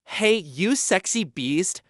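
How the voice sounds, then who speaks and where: A man's voice: high-pitched, lively intonation, takes it slowly, fairly bright tone, no room sound, studio quality, exaggerated voice. A man voicing a friendly, confident young village lord who gives orders cheerfully in an audiobook. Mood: joking.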